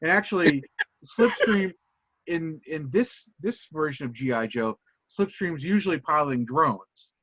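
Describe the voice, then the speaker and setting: A man runs a tabletop game, rambling and restarting his sentences as he describes each scene. His voice is fairly high and swings widely in pitch. The recording is dry and slightly muffled. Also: animated, unhurried, a bit bright, slightly rough, no room sound. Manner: rambling, self-correcting narration. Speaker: game master.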